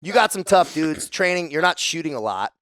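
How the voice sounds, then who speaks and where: A man in a casual podcast interview, telling profane, animated stories and acting out the people he quotes. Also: on the high side, a little fast, dry recording. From San Diego, United States. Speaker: guest, former special forces soldier.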